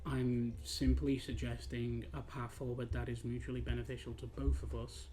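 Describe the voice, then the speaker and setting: A man playing a flat, earnest adventurer pleading. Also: medium pitch, faint music behind, close to an everyday voice. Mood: imploring. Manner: measured, pleading persuasion. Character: earnest male adventurer bargaining with a foe.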